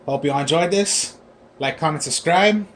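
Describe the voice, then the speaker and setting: A man co-hosting a casual chat and wrapping things up with relaxed sign-offs. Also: on the high side, normal speed, a little hiss or hum. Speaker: co-host.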